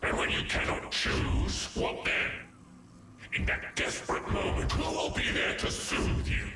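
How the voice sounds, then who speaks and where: An actor playing a menacing, nihilistic male villain in a video game, with a gravelly, contemptuous delivery. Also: extremely high pitch, unhurried, background noise, exaggerated voice. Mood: ominous. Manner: ominous, contemptuous, ranting. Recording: distant echoey game audio over loud music.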